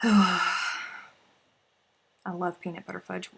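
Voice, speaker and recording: A woman's voice: lowish voice, flat delivery, takes it slowly, creaky, a bit bright, breathy edge. A woman hosting a casual craft livestream, chatting and reading out viewer comments with sighs and laughs. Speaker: livestream host. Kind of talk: casual chat while crafting.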